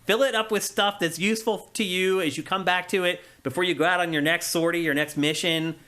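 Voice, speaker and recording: Man, gaming podcast host, slightly high voice, bright tone, upbeat casual chat. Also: fairly even intonation, brisk. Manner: enthusiastic, chatty, laughs often.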